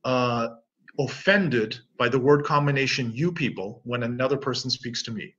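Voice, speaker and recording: Interview guest: middle-aged man from Canada, bright and slightly husky, animated storyteller acting out both sides of conversations, dull lo-fi audio. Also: mid-range voice, normal speed. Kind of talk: casual interview talk.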